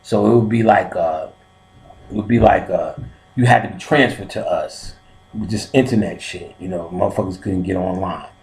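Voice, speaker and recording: A man's voice: sits low, normal speed, a little mellow. A man telling stories in casual talk, profane and laughing. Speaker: podcast host telling stories. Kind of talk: casual storytelling. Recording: roomy echoey room.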